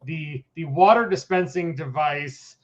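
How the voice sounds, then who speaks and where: A man from Colorado with a somewhat high voice, hosting a casual interview. He rambles, jokes, and keeps restarting his sentences. The audio is dull and lo-fi. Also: measured pace. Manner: rambling, many fillers and restarts, joking. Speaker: host. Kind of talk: casual video chat interview.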